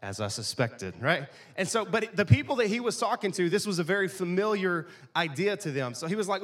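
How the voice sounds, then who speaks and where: A pastor delivers his sermon like a chat with friends, full of jokes and asides. His voice sits a little higher than most men's. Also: very animated, fairly quick, hardly any pauses, a bit bright. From East Texas, USA. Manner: casual, joking, conversational preaching.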